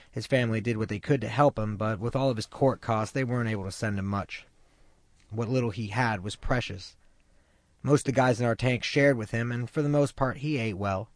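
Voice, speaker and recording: A man's voice: medium pitch, dry recording, studio quality. Man narrating a somber prison memoir. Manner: measured, somber storytelling. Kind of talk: first-person memoir narration.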